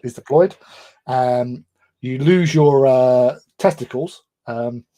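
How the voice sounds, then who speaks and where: A man's voice: medium pitch, takes it slowly, dark tone. An English man telling a long, self-deprecating story in casual chat on a livestream, often laughing. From England. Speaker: livestream co-host.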